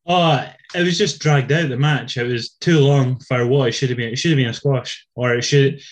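A man with a Scottish accent co-hosting a casual wrestling review chat, teasing and quick to laugh, leaning close to his mic. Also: mid-range voice, steady tone. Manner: chatty, laughs often, teasing. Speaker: wrestling podcast co-host. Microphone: leans close to camera mic.

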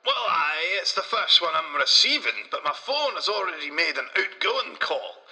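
A man putting on a crude Scottish inventor, bright and brash. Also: fairly high pitch, sing-song, normal speed, in a large hall, voice pushed up, heavily acted, poor audio. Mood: boastful. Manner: vulgar, swaggering, broad dialect.

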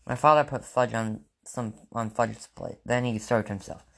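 A man's voice: medium pitch, normal speed, vocal fry. A man reading a children's book aloud to his class as a teacher, in a plain manner with small restarts.

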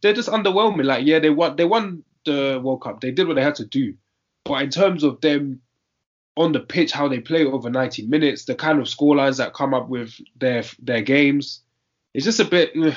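A man's voice: fairly high pitch, normal speed. Slangy young man, lo-fi. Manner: slangy, emphatic, repeats points. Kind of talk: casual football chat. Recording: dull lo-fi audio.

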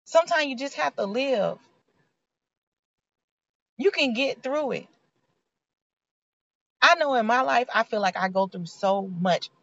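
A woman's voice: on the high side, animated, a little slow, gravelly, pauses often, fairly bright tone, no room sound. Earnest woman with a lo-fi sound. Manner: heartfelt, preachy, conversational. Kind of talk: motivational faith talk. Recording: dull lo-fi sound.

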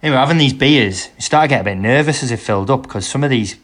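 Bloke, mid pitch, casual anecdote-teller who acts out quotes. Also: male voice, expressive, fast, a bit bright. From England. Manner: rambling storyteller, acts out quotes. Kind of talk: casual chat, anecdote telling.

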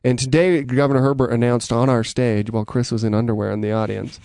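A man's voice: mid-range voice, steady tone, fast, creaky, a little mellow, no echo, studio quality. A man hosting a casual podcast chat, rambling with fillers and restarts, sounding sick with a scratchy voice and a cough. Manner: rambling, self-mocking, many fillers and restarts. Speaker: podcast host.

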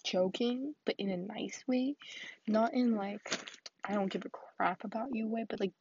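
A teenage girl venting alone on her podcast, rambling and acting out her chats, dropping now and then into soft whispers. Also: medium pitch, moderate pace, dull audio, a little hiss or hum. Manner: rambling, quotes conversations with "I was like". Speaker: podcast host. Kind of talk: solo venting monologue. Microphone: earphones with mic.

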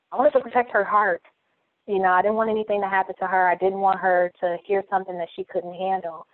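A woman's voice: fairly low pitch, dry recording. A woman around forty, a guest telling her personal story in an earnest, reflective way, often repeating phrases as she thinks aloud. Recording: tinny phone-like line, dry.

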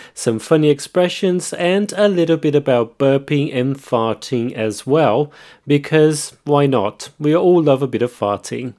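A man hosting a scripted language lesson, pronouncing example words slowly and carefully. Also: a little high, mellow. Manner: slow, careful pronunciation with repeated example words. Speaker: language teacher and podcast host.

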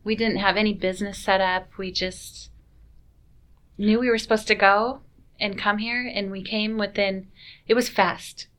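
A woman guest telling a family story in a casual, animated way, acting out quoted lines. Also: medium pitch, a little slow.

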